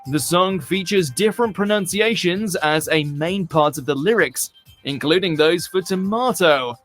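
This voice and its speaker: A British man narrates a countdown script in a dry, lightly joking way. His voice sits high for a man. Soft music plays behind him. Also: moderate pace. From Britain. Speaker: list video narrator.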